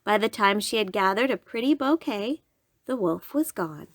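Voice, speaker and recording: A woman reading a children's storybook aloud in a slow, lilting, expressive way. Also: mid-range voice, no room sound, clean studio sound.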